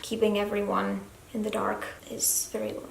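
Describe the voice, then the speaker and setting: A young woman vlogger talking earnestly to camera in a room of a family house, soft-spoken and sometimes dropping to a hushed whisper. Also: medium pitch, monotone, fairly quick, gravelly. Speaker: YouTube vlogger. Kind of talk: confessional talk to camera. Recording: echoey room, faint background noise.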